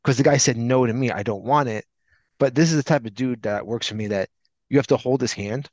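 Fairly quick and medium-pitched, the male co-host rambles through a long story during a relaxed podcast chat, performing the lines of the people involved with plenty of animation. Sound quality is dull and lo-fi, recorded dry.

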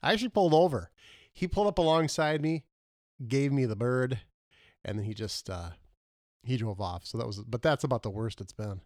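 A man co-hosting a casual comedy podcast, telling animated stories with laughs and fillers. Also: medium pitch, brisk, no room sound, clean studio sound. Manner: animated storyteller, laughs often, trails off with fillers. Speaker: podcast co-host.

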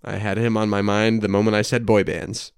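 A man's voice: lowish voice, flat delivery, brisk, gravelly, clear, resonant tone, dry recording. A man co-hosting a casual chat while playing word games, joking and playfully defensive. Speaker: co-host.

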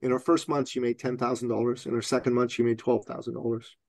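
Telling a personal story on a podcast, this guest has a creaky, gravelly, mid-range voice and a quick pace. He's animated throughout, frequently laughing and voicing the other characters in the tale. The sound is close and dry, free of any room tone.

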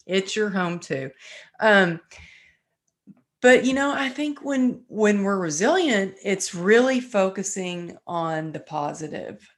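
A woman's voice: medium pitch, slow. A woman guest telling a personal story with feeling, acting out the voices of the people in it. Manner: animated, emotional, acts out quoted dialogue.

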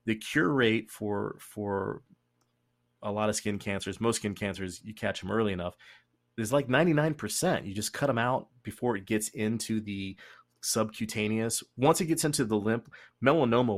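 A young man hosting a casual podcast chat, rambling and joking with quick asides. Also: fairly low pitch. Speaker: podcast host.

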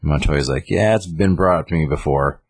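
Very deep husky man, rambling. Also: fairly quick, no room sound, clean studio sound. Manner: rambling retelling with many fillers. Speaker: comic book reviewer. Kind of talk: casual chat.

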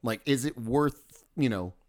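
A man's voice: mid-range voice, unhurried, a little mellow. A man co-hosting a casual podcast chat, rambling and crude, joking and restarting his sentences. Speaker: podcast co-host.

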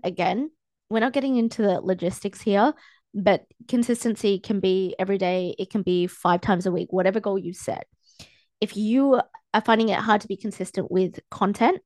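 A young woman hosts her own podcast, speaking straight to her listeners in a chatty, encouraging coaching tone. Her voice sits in an ordinary middle pitch. It is close-miked and dry, with no room sound. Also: a little mellow, no echo. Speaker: podcast host. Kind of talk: casual solo podcast talk. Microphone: close podcast mic, filmed for video.

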